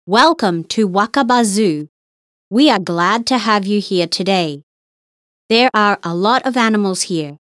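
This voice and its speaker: Slow, careful woman exam reader. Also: medium pitch, animated, fairly bright tone, dry recording, clean studio sound. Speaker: English listening-test reader. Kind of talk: scripted exam reading.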